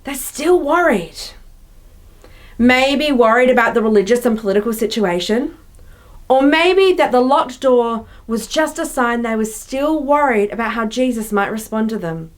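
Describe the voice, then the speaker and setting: Young woman pastor, high voice, chatty reflective sermon delivery. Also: animated, normal speed. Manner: conversational, reflective, with playful voiced asides. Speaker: youth and young adults pastor.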